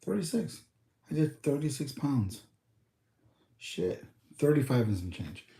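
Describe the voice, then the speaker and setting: A man's voice: mid-range voice, big pitch swings, a little slow, warm tone, echoey room. A young man from the States, chatting casually and rambling on his livestream. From United States. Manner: rambling, talks to chat, thinks aloud with numbers. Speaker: livestream host.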